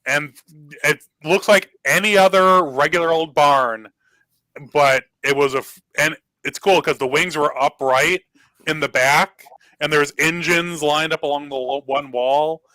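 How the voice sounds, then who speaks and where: Casting: male guest on a video call, animated storyteller, bright higher voice, dry sound. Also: a little slow, no echo, poor audio. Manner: animated storyteller acting out quoted dialogue. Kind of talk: casual storytelling on a live talk show.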